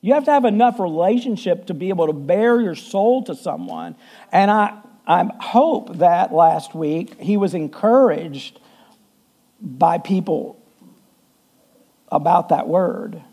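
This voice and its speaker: Middle-aged male pastor, warm mellow tone, humorous storytelling sermon. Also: sits high, sing-song, takes it slowly. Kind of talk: conversational sermon. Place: church.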